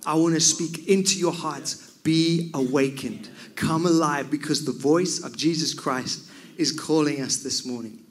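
A man preaching a sermon, swinging from loud cries down to near whispers. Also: a little high, measured pace.

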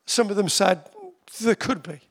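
A man preaching a sermon in a conversational way, slowing down to repeat key phrases with emphasis and asking listeners direct questions. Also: high-pitched, slightly rough. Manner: conversational, with slow emphatic repetitions.

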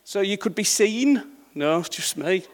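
A man's voice: sits high, animated, measured pace, in a large hall, slight background noise. A middle-aged man preaching a sermon in a conversational way, often checking in with the congregation. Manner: conversational, checks in with repeated "yeah?".

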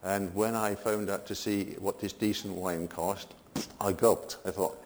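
An older man preaching a sermon, swinging between emphatic peaks and quiet asides. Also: lowish voice, unhurried, big-room sound.

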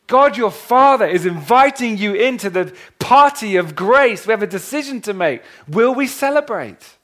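Dramatic male preacher, hushed to loud. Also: high-pitched, very animated, measured pace. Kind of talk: sermon reading and retelling a parable. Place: church hall with a congregation.

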